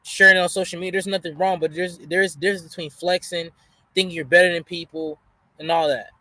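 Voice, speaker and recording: A man's voice: sits high, fairly even intonation, fast, pushed and bright. A man hosting a reaction video, giving casual, preachy motivational asides in slangy speech. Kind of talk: casual commentary.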